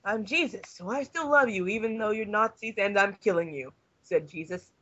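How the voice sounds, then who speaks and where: A laid-back heroic savior in a goofy homemade story, as a young man reads him out. The voice is bright and slightly husky, delivered in a flat, mock-serious tone on a dull lo-fi mic. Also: high-pitched, normal speed. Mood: mock-solemn. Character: cheerful casual male savior, hero of a parody story.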